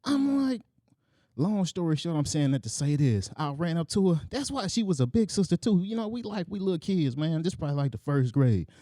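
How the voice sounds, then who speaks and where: A man on a podcast telling a childhood story in casual storytelling style, animated and acting out quotes with sound effects. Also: on the high side, brisk, few pauses, no room sound, clean studio sound.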